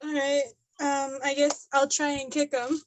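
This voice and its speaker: High, slow-talking woman player. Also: completely flat delivery, a little hiss or hum, low-quality recording. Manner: giggly, unsure. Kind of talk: casual tabletop play.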